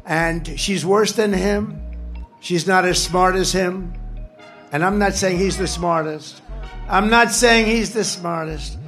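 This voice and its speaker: A man with a high voice speaks into a stage microphone at a rally. He rambles off the cuff and hammers his points by repeating short phrases, while faint music plays behind him. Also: slow, a bit bright. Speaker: political candidate speaking at a rally. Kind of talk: campaign rally speech.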